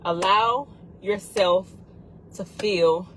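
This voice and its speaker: A woman's voice: medium pitch, very slow, fairly bright tone, a little hiss or hum, poor audio. A woman giving a heartfelt motivational talk on grief, earnest and urgent, repeating key phrases for emphasis. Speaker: grief support speaker.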